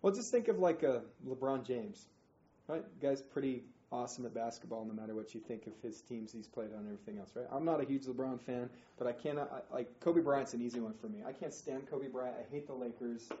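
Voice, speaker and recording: A man teaching a Bible study group in an informal, animated way, acting out quotes with slang. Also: mid-range voice, brisk. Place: indoor room, group class. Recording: roomy, dull, faint noise.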